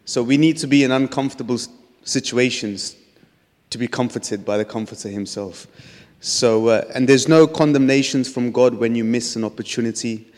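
A man's voice: mid-range voice, moderate pace, darkish tone. A man sharing a testimony in a sermon, telling his story earnestly with frequent restarts. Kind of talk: testimony preaching. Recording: long hall reverb.

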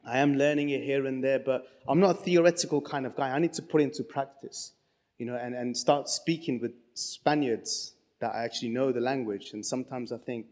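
A man's voice: medium pitch, fairly even intonation, a little fast, a little mellow. A man giving a casual church talk, telling stories and encouraging his listeners, with many restarts. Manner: chatty, storytelling, many restarts. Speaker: church speaker. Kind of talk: casual sermon talk with anecdotes. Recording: long hall reverb.

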